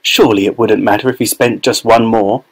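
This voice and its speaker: A man's voice: lowish voice, steady tone, a little fast, vocal fry, husky, low-quality recording. Man narrating a children's novel. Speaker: audiobook narrator. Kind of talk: scripted narration.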